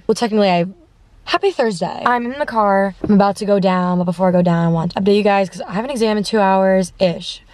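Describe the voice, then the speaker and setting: A woman's voice: medium pitch, fast, darkish tone. A young woman talking casually to her camera as a vlogger, chatty and emotional, laughing often. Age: young adult. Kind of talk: casual vlog chat. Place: car, dorm room.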